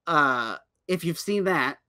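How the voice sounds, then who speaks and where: A man's voice: fairly high pitch, takes it slowly, clean tone. A man co-hosting a podcast, casually and animatedly retelling a series with lots of restarts. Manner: animated storyteller, many restarts. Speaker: podcast co-host. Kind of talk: casual chat.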